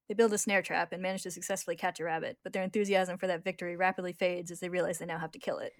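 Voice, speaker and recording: A lively woman host narrating an episode recap, quick to laugh. Her voice sits a little low and the recording is dry. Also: no room sound.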